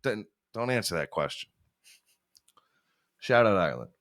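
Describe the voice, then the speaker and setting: Rambling profane podcast host, smooth voice. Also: male voice, fairly low pitch, very animated, a little slow, fairly bright tone. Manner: rambling, profane, laughs at himself. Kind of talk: casual chat.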